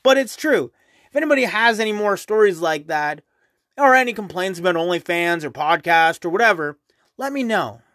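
A man's voice: high voice, animated, moderate pace, fairly bright tone, no echo, clean studio sound. A young man hosting his own podcast, ranting casually and profanely, rambling and tagging his points with "right?". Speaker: podcast host. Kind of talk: casual solo podcast rant.

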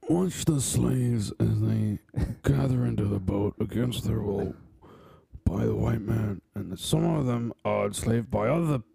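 A man putting on the slow, grave voice of a documentary narrator. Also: lowish voice, creaky, mellow, breathy edge, no echo, exaggerated voice. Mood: solemn. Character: solemn male documentary narrator, impression.

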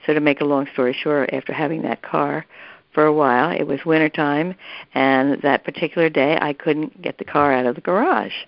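A woman's voice: sits low, fairly even intonation, fairly quick, creaky, dry recording. An older woman telling a family story in a rambling way, restarting her sentences often, recorded lo-fi. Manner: rambling, with many restarts and asides. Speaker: interviewee recalling family history. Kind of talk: casual storytelling. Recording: dull, lo-fi, dry recording.

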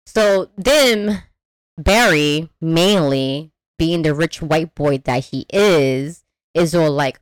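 Low-voiced woman recapping a movie. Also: takes it slowly, no room sound. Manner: animated storytelling, swears freely, acts out characters. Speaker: podcast host. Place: remote call.

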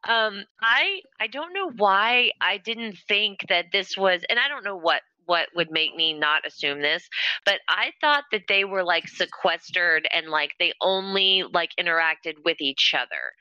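A woman co-hosting a podcast in loose, casual chat, laughing often and swearing freely as she rambles. Her voice is very bright and sharp, recorded dry and close with a dull, lo-fi tone. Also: medium pitch, expressive, unhurried, no echo. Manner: giggly, swears freely, rambling with many fillers. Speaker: podcast co-host.

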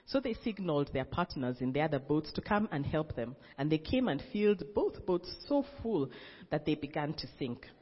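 Husky man reading scripture, with restarts. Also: fairly high pitch, very animated, moderate pace. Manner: plain reading with frequent slips and restarts. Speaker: scripture reader. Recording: dull, reverberant recording.

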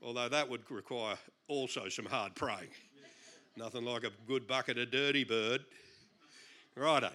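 A man's voice: mid-range voice, normal speed. A man with an Australian accent preaching a sermon, reading scripture aloud and joking with the congregation. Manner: animated, joking, chuckles often. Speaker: pastor.

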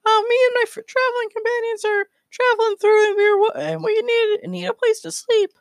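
A man's voice: very high-pitched, sing-song, brisk, no room sound, clean studio sound, voice pushed up. A man voicing a cocky, broke young male space squirrel who talks in a slangy, offhand way. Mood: asking.

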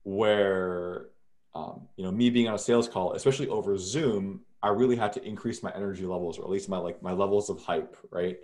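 A man's voice: deep voice, steady tone, a little fast, a little mellow. A man as an interview guest, talking casually and loosely with many fillers and restarts, over what sounds like a video call.

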